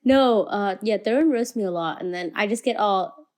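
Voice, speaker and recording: A woman guest on a casual podcast chat who tells stories lively and acts out the quoted voices. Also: mid-range voice, moderate pace.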